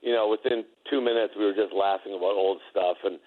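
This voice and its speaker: A man's voice: fairly low pitch, steady tone, a little fast, slight background noise. A man, a former basketball player, telling rambling, laughing anecdotes with many restarts. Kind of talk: casual storytelling. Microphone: phone. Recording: tinny phone line.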